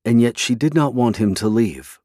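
A man narrating a fantasy novel in a measured, even storytelling way. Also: mid-range voice, dry recording, clean studio sound. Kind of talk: scripted fantasy audiobook narration.

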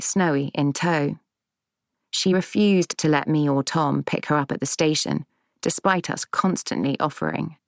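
A woman narrating a first-person audiobook in a measured, gentle, reflective way. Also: sits low, dry recording.

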